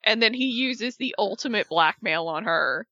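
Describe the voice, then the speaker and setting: A woman co-hosting a casual chat, recapping a show with lively retellings and quoted voices. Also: medium pitch, moderate pace, no echo, muffled recording. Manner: animated retelling, acting out the people she quotes. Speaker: podcast co-host recapping a reality show.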